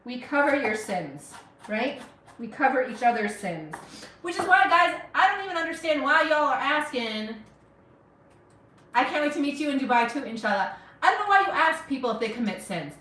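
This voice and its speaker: A woman's voice: high voice, sing-song, normal speed, sharp tone, recorded from a distance, slight background noise. Chatty woman livestreaming from a kitchen. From United States. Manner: chatty, teasing, answers viewers' comments. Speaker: criminal defense lawyer cooking on a livestream. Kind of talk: casual livestream chat. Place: home kitchen. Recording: roomy kitchen audio, speaker off-mic.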